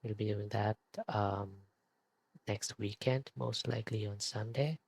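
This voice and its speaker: A young man streaming late at night, in a whispered role-play hush, quiet and hesitant with many fillers as he signs off. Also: on the low side, steady tone, a little slow, creaky, no room sound.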